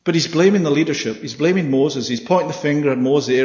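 A man preaching a Bible study sermon, animated and often checking with his listeners through questions. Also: fairly high pitch, quick pace, few pauses. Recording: echoey hall, dull sound.

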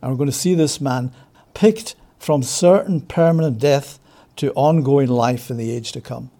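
A man's voice: mid-range voice, mellow. A man preaching a Bible study, emphatic and drawing out key words, who asks rhetorical questions and answers them himself. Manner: stretches key words slowly for stress. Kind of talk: expository Bible teaching.

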